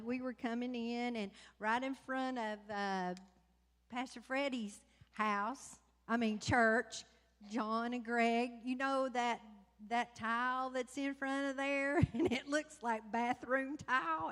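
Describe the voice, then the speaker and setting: A woman telling stories from a mission trip to her church, rambling and animated, with many restarts. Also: a little high. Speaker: mission trip member giving report. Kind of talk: casual testimony to congregation. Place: church sanctuary. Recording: long church hall reverb.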